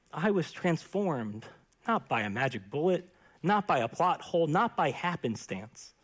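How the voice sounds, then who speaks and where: A young adult man preaching a sermon, earnest and impassioned, dropping to a hush at times. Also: a little high, slightly rough. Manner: earnest and impassioned, with hushed quiet passages. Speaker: pastor.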